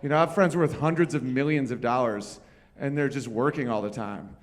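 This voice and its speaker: A man's voice: medium pitch, fairly quick. A man doing stand-up comedy on a live stage, talking with the crowd and rambling through loose, profane stories.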